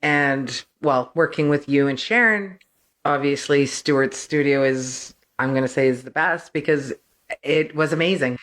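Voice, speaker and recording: A woman's voice: deep voice, measured pace, a bit bright. A woman who is a guest on a photographer's interview show, talking about her shoot in an enthusiastic, affirming and giggly way. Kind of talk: relaxed conversational interview.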